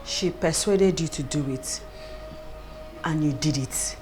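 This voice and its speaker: A woman's voice: low-pitched, takes it slowly, darkish tone, soft background music. A woman with a Nigerian English accent acting in a film drama, speaking in a cool, firm way.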